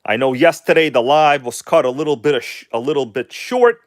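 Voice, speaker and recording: A man hosting a casual livestream while working on a model engine, chatting with viewers and shifting between an animated showman tone and quiet mumbled asides. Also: fairly high pitch, fairly quick, dry recording, studio quality. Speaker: livestream host.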